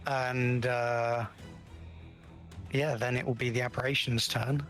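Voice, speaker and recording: A man playing a tabletop game, describing his character's moves with many pauses and restarts. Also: mid-range voice, fairly bright tone, soft background music. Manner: hesitant, many ums and restarts. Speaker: player.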